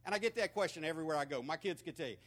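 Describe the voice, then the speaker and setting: Bright-voiced preacher with a Southern twang. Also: male voice, on the high side, animated, very fast. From Florida. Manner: folksy storytelling with frequent repeated words. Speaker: pastor. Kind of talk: conversational sermon.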